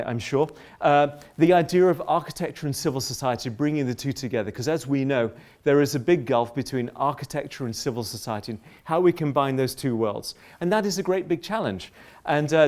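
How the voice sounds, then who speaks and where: A middle-aged man giving a public lecture, polemical and lively, often breaking off into asides and restarts. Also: mid-range voice. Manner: animated, polemical, self-interrupting with asides.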